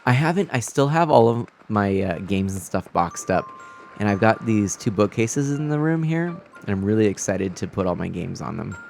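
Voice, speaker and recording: A man's voice: fairly low pitch, expressive, normal speed, vocal fry, darkish tone, a little hiss or hum. Rambling, chatty male game streamer. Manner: chatty, rambling, stumbles over words. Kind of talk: casual chat while playing a game. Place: room at home. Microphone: new desk mic setup.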